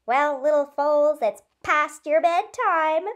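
A woman doing a squealing, excitable storybook daughter. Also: high voice, slow pace, voice pushed up. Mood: joking. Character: clumsy cheerful young daughter, excitable and jokey.

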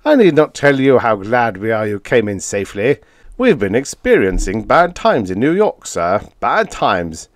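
A man's voice: lowish voice, big pitch swings, moderate pace, voice pushed up. A man doing a chortling, hearty company boss.

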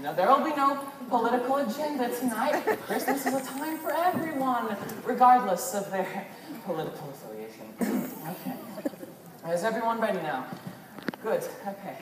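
A woman's voice: a little high, expressive, moderate pace, noisy background, lightly acted. A teenage girl playing a bossy, flustered stage narrator who stammers and puts on a British accent in a school chapel comedy skit. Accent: put-on British. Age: teens. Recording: echoey hall, distant mic, music.

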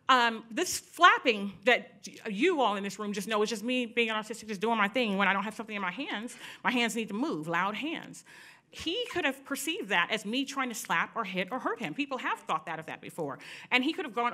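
A middle-aged woman gives a personal talk to a live audience, candid and animated, often turning to the listeners with quick asides. Her voice is bright and forward. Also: a little high. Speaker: speaker at a panel event.

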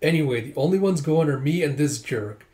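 A man reading a blunt, gruff young bodyguard. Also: a little high, lively intonation, fairly quick, darkish tone, lightly acted. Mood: irritated. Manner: blunt, curt.

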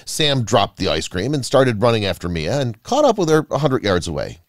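A male narrator tells a scripted story dramatically and expressively, his pitch rising and falling widely at a normal speed. The recording is dry and close, with no room echo.

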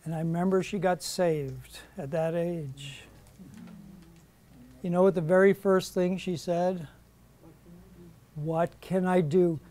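High-voiced man teaching a Bible study. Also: measured pace, long pauses, warm tone. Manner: earnest, emphatic on quoted verses.

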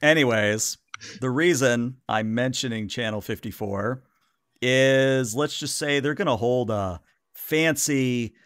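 A man narrating a tabletop role-playing game as game master, relaxed and filling pauses with "uh". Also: medium pitch, clear, resonant tone, no echo, clean studio sound. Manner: relaxed narration with many "uh" fillers.

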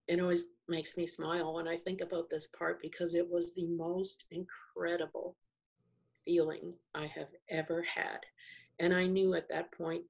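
A middle-aged woman telling a personal story as a podcast guest, slow and reflective, pausing and restarting as she searches for words. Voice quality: low, husky voice with gravelly fry. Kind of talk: personal testimony in an interview.

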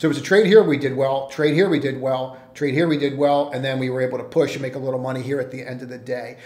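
A man talks through trades in an emphatic coaching tone, drilling points home with repeated phrases and rhetorical questions. His voice sits at an ordinary middle pitch. The recording carries a roomy echo. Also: a little mellow. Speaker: trading educator. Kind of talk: energetic trading commentary.

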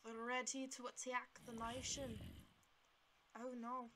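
A woman talks through her game as she plays it, chatty and reactive, with sudden high yelps. Her voice sits a little high and her speech is slow and drawn out. The recording carries clear steady noise under her voice. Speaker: gamer. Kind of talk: let's play commentary.

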